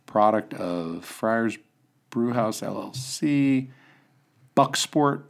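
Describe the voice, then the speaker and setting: Low-voiced male podcast host, dry and grumbly, casual swearing. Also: animated, very slow, gravelly. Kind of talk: casual chat.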